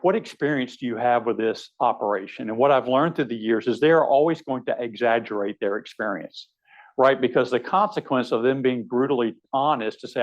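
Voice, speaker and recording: A man's voice: medium pitch, highs cut off. A man, a surgeon, giving a conversational teaching lecture, wry and anecdotal with frequent fillers. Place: lecture hall.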